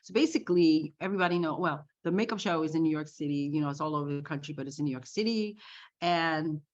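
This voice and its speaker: A woman guest telling a story in a casual, animated way, laughing along. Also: low voice, fast talker. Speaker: podcast guest, makeup artist. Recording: dull lo-fi sound.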